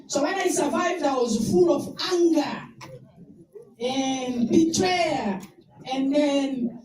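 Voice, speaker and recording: A woman from Rwanda giving an emotional tribute speech at a memorial, rising at times to loud exclamations. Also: high voice, takes it slowly. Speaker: invited speaker at a memorial. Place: indoor event hall. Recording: echoey hall recorded from far off with crowd. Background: crowd of attendees.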